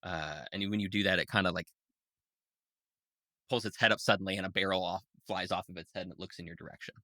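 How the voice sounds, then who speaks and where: Guy running a tabletop game, low-ish bright voice, loose rambly narration, dry close sound. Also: fairly even intonation, fast talker, dry recording. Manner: easygoing, descriptive, filler-heavy narration. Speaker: game master.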